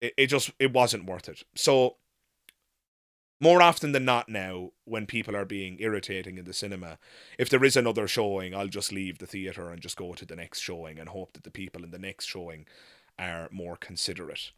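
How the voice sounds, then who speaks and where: A man with a bright, forceful voice hosts a live Q&A, recounting a story with animated frankness and the odd casual swear. The sound is dry and close, with no room around it. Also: low voice, normal speed, no echo. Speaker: host.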